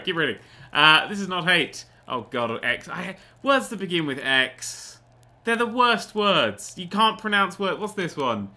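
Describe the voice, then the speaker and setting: A man's voice: high voice, bright, forceful tone. A man hosting a let's play, giving rambling, sarcastic gaming commentary that keeps going off on tangents and casually swears. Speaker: host of a gaming channel.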